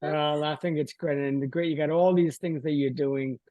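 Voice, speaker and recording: Measured male podcast host, dry sound. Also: a little high, fairly even intonation, no room sound, muffled recording. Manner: measured, with fillers, asks questions. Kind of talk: casual interview chat.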